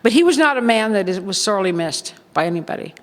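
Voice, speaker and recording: A former showgirl, now older, shares frank stories with a seminar audience in an echoing hall. She laughs frequently and mimics quoted voices, speaking quickly at a medium pitch with a sing-song lilt.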